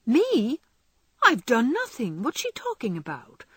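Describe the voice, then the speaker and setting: A woman voicing an impetuous, tomboyish teenage girl who speaks loudly and headlong. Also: mid-range voice, very animated, moderate pace, husky, dry recording. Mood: indignant. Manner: loud, indignant, headlong.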